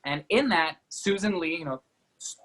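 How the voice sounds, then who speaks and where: A man who is a guest on a podcast, telling a personal story as an energetic, fast-talking storyteller with many fillers like "you know" and "like". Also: fairly high pitch. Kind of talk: animated storytelling in an interview.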